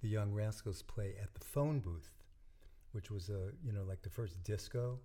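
An older man with a low, mellow voice, a guest in an interview. He talks in a relaxed, storytelling way and lets his sentences trail off softly. He sounds like he is casually reminiscing. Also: moderate pace. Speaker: guest, musician and dentist.

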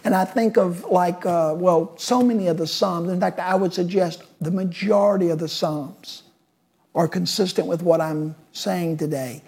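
A woman's voice: lowish voice, moderate pace, darkish tone, husky. A woman preaching a sermon in an emphatic way, stacking up repeated phrases into building lists.

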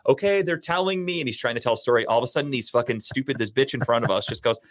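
A man co-hosting a podcast, telling a long story in a profane, animated, casual way. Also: mid-range voice, rapid-fire, no room sound, studio quality. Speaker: podcast co-host.

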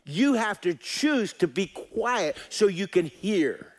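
A pastor preaches with a high, bright-edged voice. He is folksy and animated, dropping soft and then rising loud as he calls on his congregation to join in. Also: slow pace. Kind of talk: sermon.

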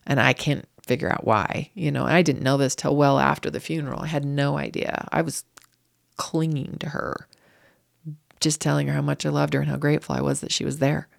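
A woman's voice: sits low, fairly even intonation, brisk, vocal fry. A woman guest telling a painful personal story in an interview, raw and grieving, her voice surging up when upset. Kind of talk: emotional interview.

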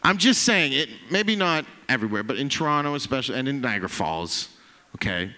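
Brash stand-up comic in a reverberant club. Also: male voice, medium pitch, big pitch swings, a little fast, sharp tone. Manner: brash, profane, teasing the audience. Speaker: stand-up comedian. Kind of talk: stand-up set with crowd work. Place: comedy club stage.

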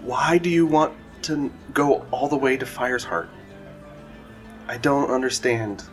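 A man's voice: mid-range voice, measured pace, faint music behind, close to an everyday voice, poor audio. A man playing an earnest, doubting woman cleric. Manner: questioning, searching. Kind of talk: tabletop role-play in character.

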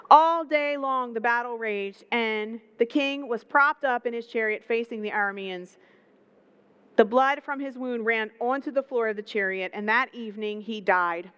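Brief: female Bible teacher, jokey slangy retelling, smooth clear voice, lo-fi. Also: fairly high pitch, a little slow, fairly bright tone. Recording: dull lo-fi recording.

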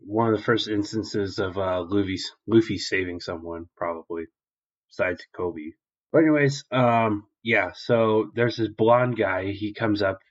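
A man's voice: on the low side, lo-fi sound. A man co-hosting a podcast, recapping a show in loose, profane casual chat full of fillers. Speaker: podcast co-host.

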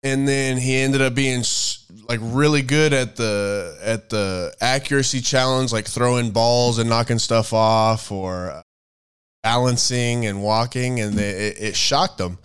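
A man co-hosting a casual faith-based chat, rambling and thinking out loud as he searches for words. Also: medium pitch, fairly even intonation, measured pace, smooth. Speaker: podcast co-host.

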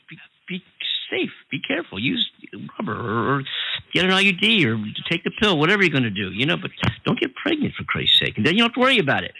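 A man's voice: on the high side, pushed and bright, low-quality recording. A man hosting a casual talk radio show, rambling and repeating himself with lots of "you know"s. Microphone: studio microphone over online radio.

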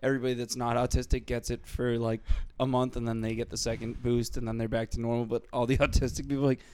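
A man's voice: mid-range voice, flat delivery, fast talker, a little mellow, a little hiss or hum. A man in casual podcast chat, joking crudely and laughing along. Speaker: podcast co-host.

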